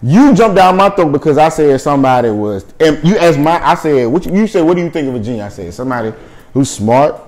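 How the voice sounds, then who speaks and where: A man's voice: fairly high pitch, big pitch swings, quick pace, darkish tone. A young man co-hosting a casual chat, talking defensively and repeating himself on a rant. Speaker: co-host.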